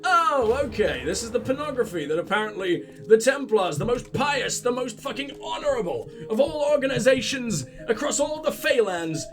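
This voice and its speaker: A man's voice: extremely high pitch, big pitch swings, moderate pace, hardly any pauses, over music. A sick man with a headset, mocking the game in sweary let's play commentary and laughing at his own jokes. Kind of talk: casual gameplay commentary.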